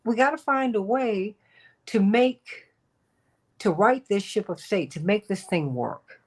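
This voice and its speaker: A woman's voice: mid-range voice, expressive, measured pace, darkish tone. A woman hosting a political talk radio show, chatting with guests by name and sharing personal anecdotes.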